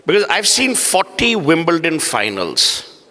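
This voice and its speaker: A man's voice: on the high side, huge pitch swings, unhurried, sharp tone. A man, moderating an on-stage interview in a playful, sarcastic way. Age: 60s. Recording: echoey hall.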